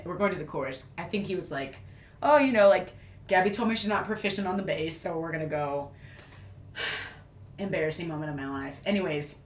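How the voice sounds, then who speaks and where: A woman on a podcast, telling a self-mocking story in a casual, animated way and laughing often. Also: fairly low pitch. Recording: echoey room with faint noise.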